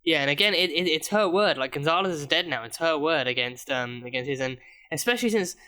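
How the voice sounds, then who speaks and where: A man's voice: fairly high pitch, animated, fairly quick, sharp tone. A man reviewing a TV episode in a casual, rambling way, often stumbling and repeating words as he thinks aloud. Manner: rambling, many restarts and stammered repeats. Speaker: TV reaction reviewer.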